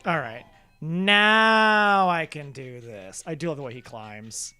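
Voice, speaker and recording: Speaking slowly with lively intonation, this man has a slightly high voice that sounds sharp and clean. He's livestreaming a video game, rambling casually to viewers, making self-deprecating remarks, and swearing from time to time, with game music playing faintly.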